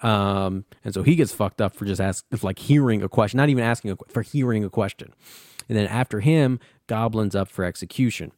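A man's voice: fairly low pitch, a little fast, darkish tone, dry recording, studio quality. Laid-back swearing podcast guy. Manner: loose, rambling, swears often. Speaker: comic book podcast host. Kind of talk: casual comic recap.

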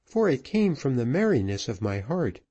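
A man reading a novel aloud, voicing a gentle, wistful woman who was once a celebrated singer. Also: mid-range voice, sing-song, normal speed, breathy edge, dull audio, pitched above the performer's own voice.

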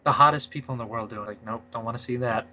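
A man's voice: medium pitch, rapid-fire, sharp tone, highs cut off. Giggly rambling man in a casual chat. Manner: giggly, rambling, self-deprecating. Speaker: podcast co-host.

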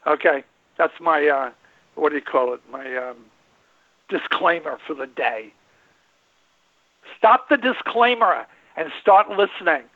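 A man's voice: a little high, expressive, measured pace, pauses often, no room sound. Older man ranting over a tinny phone line. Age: 70s. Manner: rambling, folksy, emphatic with repetitions. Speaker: radio show host and veterinarian. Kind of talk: call-in radio monologue.

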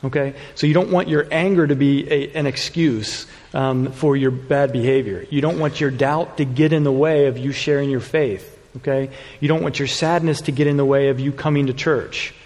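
Steady explaining man, hall reverb. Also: medium pitch, normal speed, few pauses. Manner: steady, explanatory, checking understanding with "okay?". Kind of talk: sermon Q&A answers.

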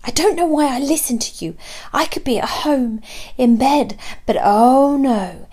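A woman reading a storybook, voicing a scared, grumbling young woman in an exasperated hushed whisper. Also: on the high side, lively intonation, a little slow, slightly rough.

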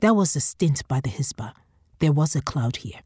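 A woman's voice: low voice, expressive, normal speed, a little mellow, breathy edge, no room sound, studio quality. A woman voicing a boastful male flesh worker who talks in a wheedling way. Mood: matter-of-fact.

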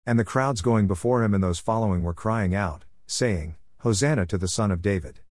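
A man reading scripture aloud in a steady, even way, reading the quotes in the same voice. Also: lowish voice, moderate pace, no room sound, clean studio sound. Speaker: scripture reader.

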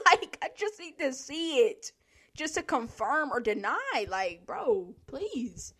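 Animated young woman telling a story. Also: high voice, slow. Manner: animated, profane, laughs often, acts out quoted exchanges. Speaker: vlogger telling a work story. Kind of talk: casual storytelling monologue.

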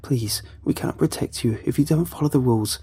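A man's voice: medium pitch, a little fast, mellow, husky, soft background music. A man voicing a desperate mother in a horror story, pleading and tearful. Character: grieving mother turning monstrous, pleading.

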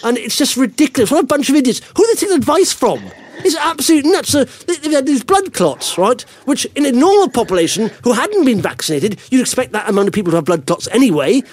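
A middle-aged man hosting a podcast, chatting casually in an excitable, rambling way. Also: extremely high pitch, dry recording. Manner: excitable, rambling, quick-fire. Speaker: podcast host. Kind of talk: casual investing podcast chat.

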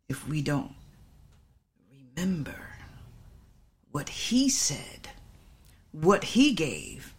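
A woman's voice: low voice, very animated, slow pace, pauses often. A middle-aged woman preacher teaching a sermon, emphatic and repetitive, drawing out her stresses.

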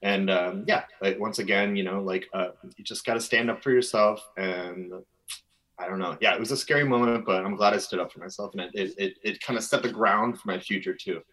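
A man's voice: fairly low pitch, fairly even intonation, fairly quick, fairly bright tone, low-quality recording. A man from Minnesota, a guest telling a long personal story in a casual interview, full of fillers and restarts. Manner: rambling, filler-heavy, earnest.

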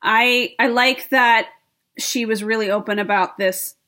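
A woman in casual chat about a reality show, measured and opinionated. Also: on the high side, fairly even intonation, sharp tone.

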